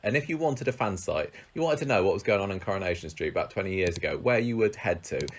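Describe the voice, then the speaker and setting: A man's voice: deep voice, animated, fast, slight background noise. A man co-hosting a casual chat, enthusiastic and self-mocking as he clicks through old fan websites. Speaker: co-host.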